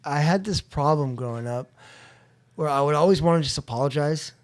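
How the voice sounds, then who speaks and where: A man recounting a personal story as a podcast guest, acting out the voices of others and going quiet when reflective. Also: brisk. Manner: animated, acts out quotes with rising pitch and loudness. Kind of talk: storytelling in a recovery podcast interview. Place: room at a convention.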